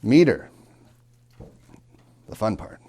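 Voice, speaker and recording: Low gravelly male poetry tutor. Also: slow. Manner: animated, tapping out rhythms aloud; asks questions and answers them himself. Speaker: college tutor. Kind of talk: classroom lecture on poetry.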